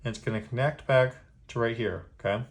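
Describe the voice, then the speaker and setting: A man giving a step-by-step drawing lesson, patient and easygoing, checking in with a quick "okay?" after each step. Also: mid-range voice. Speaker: drawing instructor.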